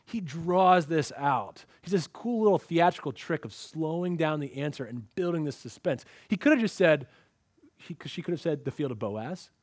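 A man delivers a lively sermon, dramatizing the story as he goes. His voice sits fairly high for a man. The recording is dry and close, with little room sound. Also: moderate pace, dry recording. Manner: animated storytelling, acts out quoted lines. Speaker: pastor. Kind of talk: expository sermon.

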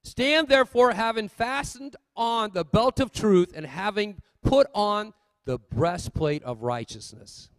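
A male pastor preaching a sermon, swinging between loud exhortation and quiet asides. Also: high voice, expressive, measured pace, few pauses, dry recording.

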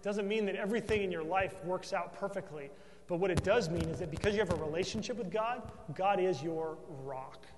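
A man's voice: sits high, long reverb tail, slight background noise. A man preaching a sermon as pastor, earnest and emphatic, often tossing in a questioning "right?" to the congregation.

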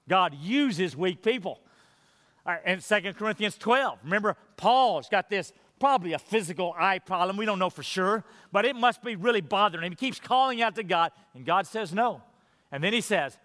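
Bright-voiced emphatic male preacher. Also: lively intonation, normal speed, long reverb tail. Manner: emphatic, drops to low quiet intensity on key phrases. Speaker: pastor. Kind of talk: sermon.

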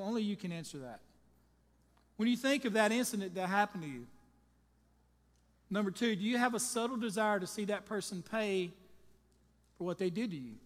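A pastor preaching a sermon with emphatic delivery and folksy storytelling asides. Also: male voice, high voice. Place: church sanctuary. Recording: long reverb in a large hall, music behind.

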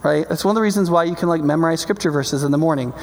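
A man's voice: on the high side, very fast. A male pastor preaching a sermon, talking conversationally, checking in with his listeners, and building to passionate, emphatic peaks. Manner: builds to passionate, loud climaxes. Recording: long reverb of a large hall.

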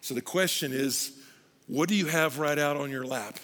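A man preaching a sermon as pastor, animated, often shouting and acting out voices. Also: on the high side, normal speed, in a large hall.

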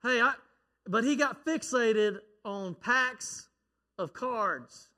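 A man's voice: very high-pitched, animated, slow, in a large hall. A middle-aged man preaching a sermon as pastor, telling stories and acting out voices from them. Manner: storytelling, acts out a child's shouting prayer.

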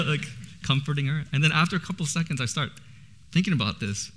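A man's voice: on the high side, big pitch swings, fairly quick, pushed and bright, a little hiss or hum. A man in his thirties preaching in church, casual and chatty, with a lot of laughter. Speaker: pastor. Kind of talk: sermon with personal stories.

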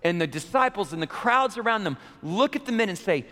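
A man preaching a sermon as pastor, emphatic and full of rhetorical questions, swinging between loud and soft. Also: high-pitched, lively intonation, fairly quick, few pauses. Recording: echoey hall reverb.

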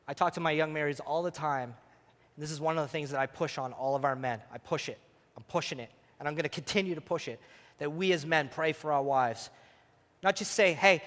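A man in his thirties preaching a sermon as pastor, telling lively stories and dropping to a soft, tender voice when acting out prayers. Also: fairly high pitch. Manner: animated storytelling, drops to soft intimate tone for quoted prayers. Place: church hall. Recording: long reverb of a large hall.

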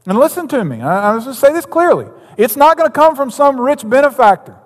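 A man's voice: very high-pitched, big pitch swings, quick pace. A man preaching a sermon as pastor, telling a story and then driving his points home with emphasis. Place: church sanctuary. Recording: long hall reverb.

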